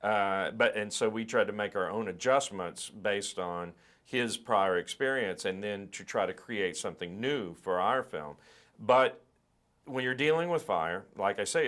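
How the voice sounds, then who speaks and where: A middle-aged male film director speaks in a relaxed interview, thoughtfully explaining things at length while often restarting and repeating words. His voice is lowish.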